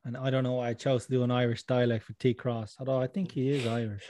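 A man's voice: medium pitch, little pitch movement, fast, warm tone, slight background noise. A man co-hosting a podcast in casual, profane chat, giggling often. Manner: profane, giggly, acts out voices in stories. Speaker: podcast co-host.

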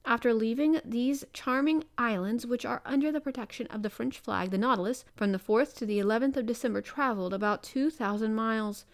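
A woman reads a classic adventure novel aloud at a measured, careful pace. Her voice sits a little high, and she stumbles over a word now and then. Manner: measured, careful reading with small slips. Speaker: reader.

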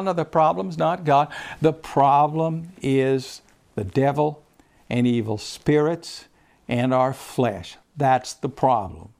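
A man's voice: takes it slowly, vocal fry, darkish tone. Man preaching an emphatic sermon. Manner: emphatic preaching, voice rising on scripture and dropping low for stress. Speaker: pastor.

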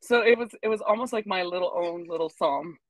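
A woman's voice: fairly low pitch, fairly quick, no room sound. A woman co-hosting a podcast, telling a personal story in casual chat and acting out the people she quotes. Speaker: podcast co-host.

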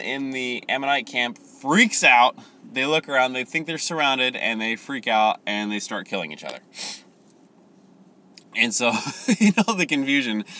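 Man, bright voice, casual Bible teacher, animated, self-correcting. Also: mid-range voice. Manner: animated, laughing, corrects himself.

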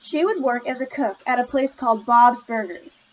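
A woman reads a story aloud in a plain, steady manner. Her voice sits a bit high. The recording sounds somewhat dull and lo-fi. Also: moderate pace, a little hiss or hum. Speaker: narrator. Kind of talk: storybook narration. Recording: slightly muffled lo-fi recording.

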